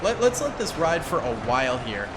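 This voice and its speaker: A man's voice: on the high side, sing-song, normal speed, heavy background noise. A man casually commenting on his own strategy game footage, rambling and full of fillers. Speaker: gaming channel host. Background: game music and gunfire.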